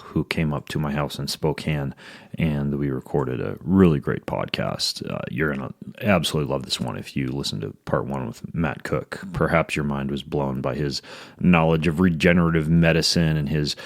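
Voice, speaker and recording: Very deep-voiced American podcast host. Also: male voice, vocal fry, no room sound, clean studio sound. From United States. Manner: upbeat, rambling with fillers. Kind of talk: podcast intro and sponsor read. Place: home studio.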